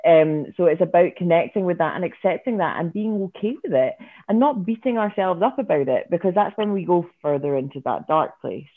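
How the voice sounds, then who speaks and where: A woman's voice: fairly low pitch, animated, brisk. A Scottish woman, a yoga teacher guest, chatting casually with many fillers and frequent laughs. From Scotland. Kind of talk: casual podcast chat. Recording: tinny phone-like line.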